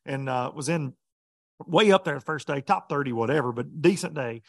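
A man, a professional bass angler, telling a story in casual chat with laughs along the way. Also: expressive, moderate pace, gravelly, no room sound, studio quality.

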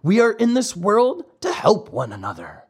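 Man voicing a friendly dog, earnest, lively pitch, storybook reading. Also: normal speed, slightly rough, heavily acted. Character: kindly hungry male dog. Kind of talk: audiobook character voice.

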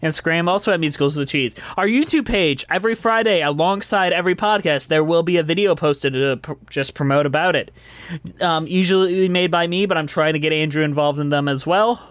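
A man's voice: on the high side, fairly quick, fairly bright tone, no room sound. A young man co-hosting a podcast in casual chat, playful, laughing often and swearing. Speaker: podcast co-host.

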